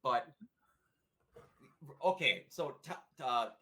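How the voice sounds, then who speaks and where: A man with a bright, sharp voice talks games in casual podcast chat, his pitch swinging widely. He is enthusiastic and profane and often restarts sentences. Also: expressive, extremely slow. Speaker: podcast co-host.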